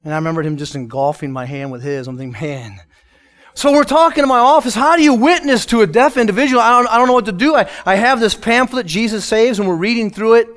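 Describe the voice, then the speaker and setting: Pastor, Midwestern man, high-pitched, emotional sermon delivery with sudden hushed moments. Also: fast. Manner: emotional, swings from loud emphatic lines to hushed soft ones. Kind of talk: sermon with a personal testimony.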